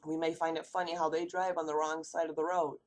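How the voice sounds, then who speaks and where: Low-voiced american woman reading her class presentation, steady, asks questions then answers them. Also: fast. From United States. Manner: steady, read-aloud delivery with rhetorical questions. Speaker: student presenter.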